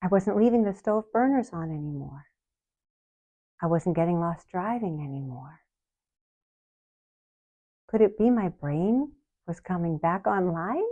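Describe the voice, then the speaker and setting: Slow, earnest woman in her sixties. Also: fairly low pitch, expressive, lo-fi sound. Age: 60s. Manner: slow, earnest storytelling with soft laughs. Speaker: channel host. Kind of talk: personal story told to camera.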